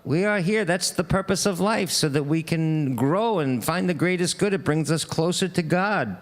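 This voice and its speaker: A man's voice: on the high side, normal speed, long reverb tail, pitched above the performer's own voice, lightly acted. A man doing a solemn preaching rabbi.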